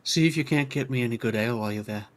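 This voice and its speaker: A man's voice: medium pitch, racing, a little hiss or hum. A man playing a tabletop game in a casual way. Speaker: player.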